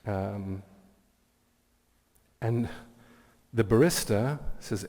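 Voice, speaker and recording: A man's voice: on the low side, normal speed, mellow. A man giving a keynote sermon as a rabbi, telling stories in an earnest, reflective way and offering blessings. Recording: long hall reverb.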